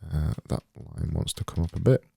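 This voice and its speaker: A man's voice: extremely low pitch, animated, moderate pace, vocal fry, dark tone, slightly rough, no room sound. A man thinking aloud as he livestreams design work, rambling and muttering to himself with a self-mocking edge.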